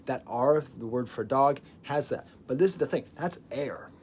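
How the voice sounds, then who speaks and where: A man giving a casual album review as a music reviewer, animated and digressive, laughing often and dropping into whispers. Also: medium pitch, moderate pace, slight background noise.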